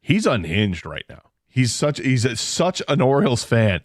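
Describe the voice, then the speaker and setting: A man's voice: mid-range voice, big pitch swings, moderate pace, dry recording. Brief: male radio co-host, mid-range voice, emphatic and building, dry studio sound. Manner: emphatic, builds points with repetition. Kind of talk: sports talk radio banter. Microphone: studio broadcast mic.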